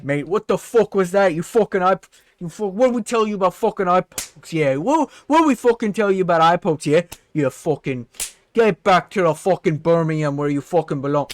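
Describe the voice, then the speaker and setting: A man voicing a furious heavyweight fighter who yells and swears as he scolds a teammate. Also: high-pitched, expressive, normal speed.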